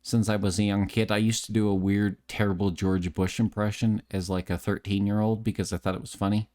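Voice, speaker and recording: A man's voice: fairly low pitch, level tone, brisk, dark tone. Tipsy male streamer, nasal tone, slight lisp, rambling, self-deprecating chat on a close mic. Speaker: streamer and voice actor. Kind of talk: casual live-stream chat. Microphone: close desk microphone.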